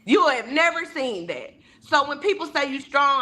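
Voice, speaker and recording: A woman's voice: sits high, sing-song, normal speed, hardly any pauses, pushed and bright. A woman giving a heartfelt, emphatic testimony on a video call, preacher-like in her delivery and acting out the voices she quotes. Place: virtual town hall video call.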